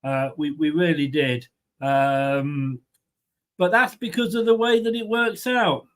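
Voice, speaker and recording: A man with a voice on the high side talks at a slow pace, hosting a live football watchalong for fans. His manner is light, chatty, and rambling as he reads out viewer comments.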